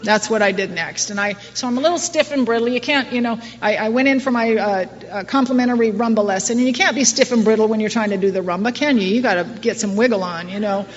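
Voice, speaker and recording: A woman's voice: a little high, quick pace, hardly any pauses. A middle-aged woman speaking to a recovery group in a wry, self-mocking, conversational way, with many restarts. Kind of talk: personal talk to a recovery group. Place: meeting hall. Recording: distant muffled hall recording.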